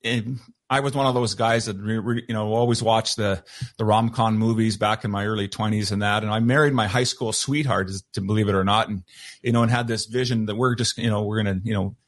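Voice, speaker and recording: Middle aged french-canadian guy, lowish voice, earnest, lots of you knows. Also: fairly even intonation, a little fast. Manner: earnest, warm storytelling with many fillers. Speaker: guest. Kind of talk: interview conversation.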